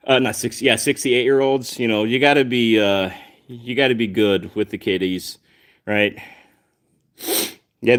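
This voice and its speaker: A man chatting casually on a cat livestream, answering viewers and calling to his pets. His humor runs dry and a little sarcastic. His voice sits at a middle pitch for a man. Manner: chatty, self-aware sarcastic humor, talks to his cats. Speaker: livestream host reading chat.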